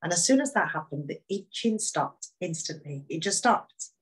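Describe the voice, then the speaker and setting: Interview guest: woman, low voice, candid and animated testimony. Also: normal speed, husky, poor audio. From Birmingham, England. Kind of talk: personal faith testimony.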